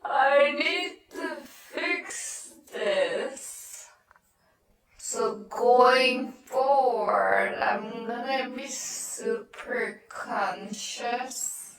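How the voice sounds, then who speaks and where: Woman vlogger, wry side-of-mouth delivery, very slow, distant from the mic. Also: fairly high pitch, a bit bright, reverberant, a little hiss or hum. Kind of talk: casual vlog commentary.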